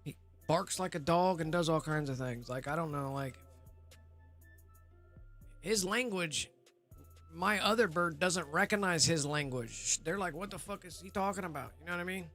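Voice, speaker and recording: A man's voice: on the high side, measured pace, pauses often, pushed and bright, soft background music. A man hosting a live gaming stream, chatting loosely with viewers, rambling and swearing casually. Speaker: livestream host. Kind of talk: casual livestream chat.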